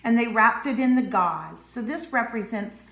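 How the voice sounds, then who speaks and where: A woman teaching preschoolers, telling a Bible story with dramatic voices and hushed moments. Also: a little high, expressive, moderate pace, gravelly, echoey room. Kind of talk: Bible story lesson for young children.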